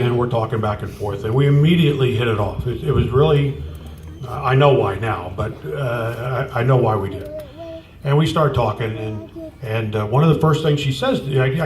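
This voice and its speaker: Older coach telling a story in a roomy hall. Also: male voice, mid-range voice, background noise. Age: 60s. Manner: folksy storytelling, acting out dialogue. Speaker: softball coach. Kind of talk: memorial tribute speech. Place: large room at a memorial gathering. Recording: roomy, from far off.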